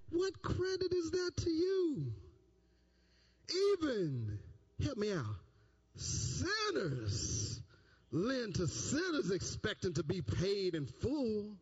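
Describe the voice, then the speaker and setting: A man's voice: extremely high pitch, dull audio. A man preaching a sermon, repeating phrases and rising into sung, chanted cadences. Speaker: pastor.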